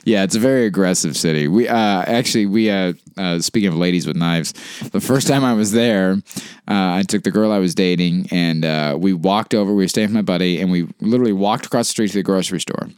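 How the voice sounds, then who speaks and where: A man's voice: fairly quick, clear, resonant tone, no echo, studio quality. A man in casual conversation, telling a funny story and imitating people in raised voices. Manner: animated, mimics people in high voices.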